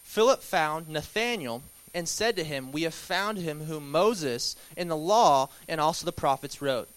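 A young man teaching a Bible study at church in a relaxed, conversational way, with filler words and restarts. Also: on the high side, a little slow, no room sound, low-quality recording. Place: church hall.

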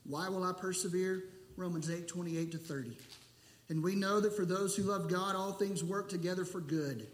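A pastor preaching an earnest, emphatic sermon, asking rhetorical questions and answering them. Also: male voice, high voice, normal speed, roomy sound, a little hiss or hum.

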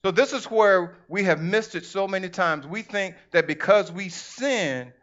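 A man preaches to his church in a relaxed, conversational way. He drifts into acted-out asides as he talks. The recording sounds dull and muffled. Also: sits high, a little slow, few pauses. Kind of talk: sermon.

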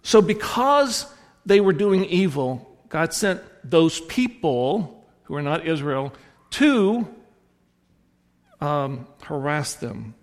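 Taking his time, this Southern American pastor delivers a sermon in a slightly high voice full of big pitch swings. He rambles through stories, restarting and correcting himself, while the hall adds a long reverb.

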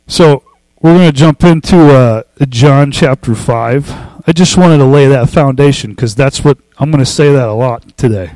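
A man preaching a casual sermon, talking loosely with fillers and restarts, and reading scripture slowly and with emphasis. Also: mid-range voice, no echo, rough recording. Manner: relaxed, conversational, with fillers and restarts. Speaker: pastor.

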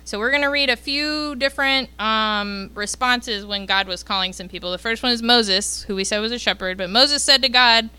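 A woman's voice: fairly high pitch, normal speed, hardly any pauses, pushed and bright, clean tone. A woman leading a youth group, giving a casual Bible lesson and often checking in with the group by asking "okay?".

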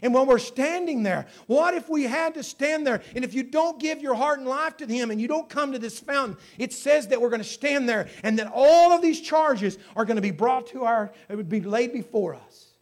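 High-voiced man preaching a sermon. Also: normal speed, few pauses. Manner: emphatic, with surges in volume on key phrases; storytelling preacher.

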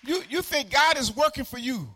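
Fervent high-voiced preacher man. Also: animated, moderate pace, no room sound, clean studio sound. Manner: fervent preaching, swings from shouting to quiet asides; repeats phrases for emphasis. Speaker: pastor. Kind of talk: sermon.

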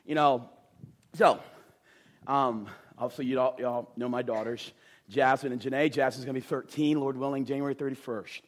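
A man in his thirties preaching a sermon, animated and playful, swinging from loud outbursts to hushed asides and repeating words for emphasis. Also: medium pitch, normal speed. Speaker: pastor.

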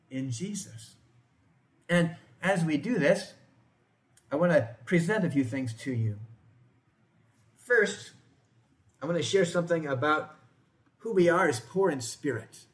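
Male pastor, slightly higher voice, conversational sermon delivery. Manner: conversational, asks the congregation questions. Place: church, in front of a congregation.

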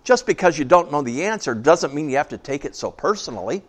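A man's voice: fairly high pitch, sing-song, fast. A man doing a smug, boastful lion. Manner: smug, oblivious. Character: boastful male lion, king of beasts.

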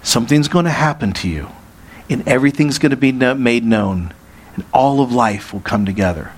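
A man's voice: medium pitch, expressive, normal speed, slightly rough. Earnest preaching man. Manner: earnest preaching with rhetorical questions. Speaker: pastor. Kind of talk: sermon.

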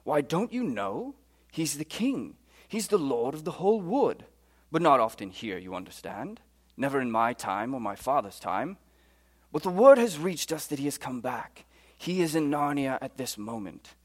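A man reading aloud and voicing a kindly male talking beaver in a put-on British accent, speaking softly. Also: medium pitch, big pitch swings, moderate pace. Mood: hushed earnest. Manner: hushed, storybook reading aloud.

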